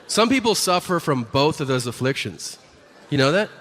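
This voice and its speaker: A man's voice: fairly high pitch, big pitch swings, normal speed, fairly bright tone, in a large hall, some chatter behind. A man doing a stand-up comedy routine on stage before a live audience, telling profane stories and acting out the characters in them.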